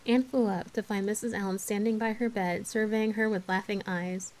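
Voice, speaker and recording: Brief: woman reader, steady expressive storybook narration, mid pitch. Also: moderate pace, poor audio. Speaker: streamer reading aloud. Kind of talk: storybook read-aloud.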